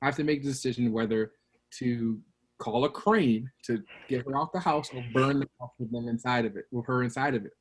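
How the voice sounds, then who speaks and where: Brooklyn guy in his 30s, middle pitch, chatty interview guest, acts out his own stories. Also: fairly quick, slightly rough. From Brooklyn, New York. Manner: animated storyteller, acts out quotes with a raised voice. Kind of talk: casual interview storytelling.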